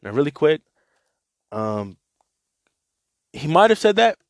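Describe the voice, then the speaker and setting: A man's voice: fairly high pitch, very animated, slow, no echo, studio quality. A man reading the Bible aloud and chatting loosely between verses, full of "you know"s. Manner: loose, filler-heavy asides, many "you know"s. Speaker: Bible reader and teacher. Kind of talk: casual Bible reading with commentary.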